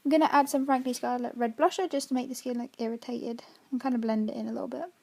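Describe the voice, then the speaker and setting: A woman's voice: on the high side, steady tone, fast talker, gravelly, darkish tone. A young woman, chatty and explaining each step of a makeup tutorial. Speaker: makeup artist.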